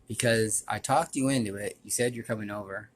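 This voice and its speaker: A man's voice: fairly low pitch, fairly quick, slight background noise. Aggrieved man rambling through a story. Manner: rambling, with repeated restarts; earnest, aggrieved. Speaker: YouTuber. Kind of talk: personal storytelling to camera.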